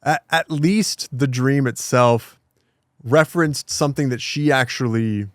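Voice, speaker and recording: A man's voice: medium pitch, a little slow, dry recording, clean studio sound. Man co-host with short agreeing replies. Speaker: podcast co-host. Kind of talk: casual podcast chat.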